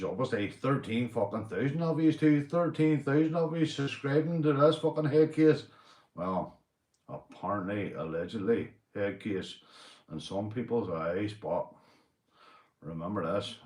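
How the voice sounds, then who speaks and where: Tipsy Northern Irish man host, low voice, sweary rambling chat to viewers. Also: unhurried, darkish tone, roomy sound. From Northern Ireland. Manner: rambling, sweary, laughs often. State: tipsy after a few beers. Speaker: livestream host. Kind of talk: casual livestream chat.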